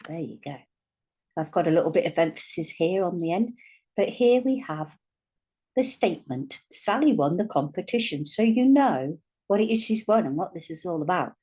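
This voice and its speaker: A woman teaching a writing lesson, speaking patiently and dictating words slowly as she writes them out. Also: lowish voice, warm tone, slightly rough. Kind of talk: dyslexia writing lesson, thinking aloud while writing.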